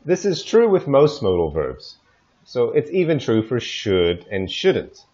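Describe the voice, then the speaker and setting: Slow, lively-voiced man teaching pronunciation. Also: medium pitch, muffled recording. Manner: slow, deliberate modeling of example phrases. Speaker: English teacher. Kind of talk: pronunciation lesson. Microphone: desk microphone recorded in audio software.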